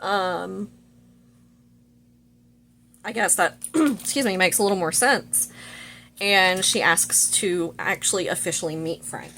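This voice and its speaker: A woman's voice: lowish voice, slow pace, pauses often, fairly bright tone, slight background noise. A woman vlogger casually retelling a film's plot while getting ready, chatty and full of "like" and "you know". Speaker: vlogger reviewing a movie.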